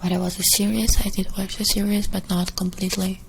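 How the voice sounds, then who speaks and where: A young woman with a German accent and Russian as her first language, soft and hesitant in a whispered ASMR Q&A. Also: medium pitch, flat delivery, gravelly, a little hiss or hum, rough recording. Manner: soft, hesitant, many pauses. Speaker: ASMR creator.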